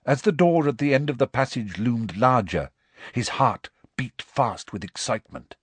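Expressive man narrating a storybook. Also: moderate pace, slightly rough, dry recording. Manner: expressive storytelling with lively, varied pitch. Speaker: audiobook narrator. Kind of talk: scripted narration.

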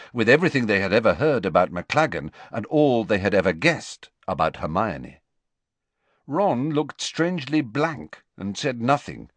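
A man's voice: medium pitch, no room sound. A man reading a novel aloud as audiobook narrator, telling the story expressively. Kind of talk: scripted narration.

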